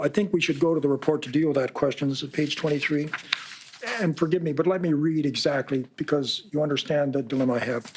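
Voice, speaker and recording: A man from Canada answering reporters' questions at a press conference, earnest and measured, sometimes reading passages aloud. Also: medium pitch, a little mellow, husky. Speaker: special rapporteur answering reporters.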